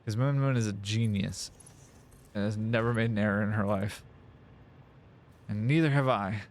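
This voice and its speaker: A man's voice: lowish voice, normal speed. A man live-streaming a factory-building game, rambling in casual, self-mocking chat and swearing freely into a desk mic.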